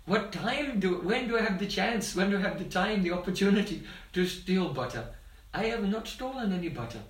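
A man voicing a pleading young boy, higher and louder. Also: animated, fairly quick. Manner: pleading, protesting. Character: tearful young boy pleading innocence to his mother. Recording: roomy, distant mic.

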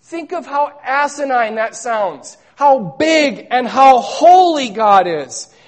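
A man delivering a sermon with a lot of dynamic range, pushing key words out loud and then sinking into quiet, low-voiced lines. He repeats words for weight and reads scripture in the same emphatic preaching manner. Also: animated, takes it slowly. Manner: emphatic, swinging between loud stresses and hushed low lines. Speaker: pastor.

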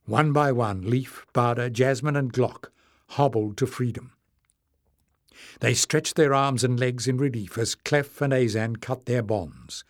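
A man narrating an audiobook in a measured, steady way. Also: mid-range voice, no room sound, clean studio sound. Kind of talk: scripted narration.

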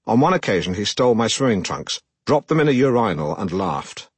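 An actor playing a pompous, self-regarding middle-aged broadcaster who narrates his own memoir in a deadpan way. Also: lowish voice, fairly quick, slightly rough, no echo. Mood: self-important. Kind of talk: comic audiobook narration.

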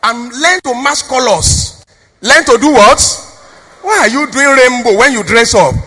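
Preaching in a church hall with a long, echoing reverb, a Nigerian-accented woman who is a pastor's wife urges her congregation on with call-and-response questions. She speaks at a measured pace in an animated, fairly high voice that is a bit bright, with a breathy edge.

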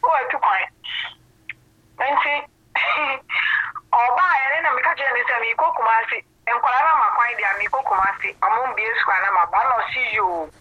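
Ghanaian woman, high voice, animated storyteller in casual chat, slightly muffled audio. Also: moderate pace, no room sound. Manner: animated storyteller, acts out quoted dialogue. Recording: muffled audio with faint noise.

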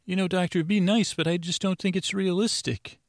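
A man voicing a prim male receptionist at a bedtime story institute, with a higher put-on voice. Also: fairly even intonation, a little fast, no echo, clean studio sound. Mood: dismissive.

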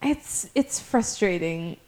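A woman's voice: mid-range voice, expressive, takes it slowly, mellow. A woman co-hosting a casual show recap, chatty, laughing often and acting out scenes in quoted voices. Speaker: podcast co-host.

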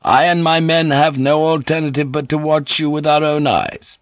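A man's voice: lowish voice, expressive, moderate pace, no echo, muffled recording. A man reading a deferential but unbending guard captain who apologizes politely and holds firm.

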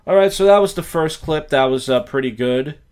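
Speaking briskly in a higher-pitched voice with background noise behind him, a Philadelphia man hosts a podcast. He tells stories and gives crude, blunt, profane ranting commentary.

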